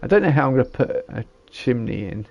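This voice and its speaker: A man's voice: medium pitch, sing-song, quick pace, gravelly, muffled recording. A man, giving casual gameplay commentary and rambling as he thinks aloud while building. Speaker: gamer.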